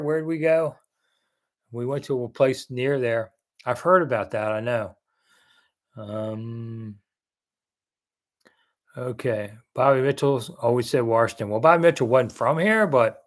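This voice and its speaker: Male live-stream host from Washington, D.C., mid-range voice, rambling and conversational, reads and answers the chat. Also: mid-range voice. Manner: rambling, chatty, answering viewer comments one by one.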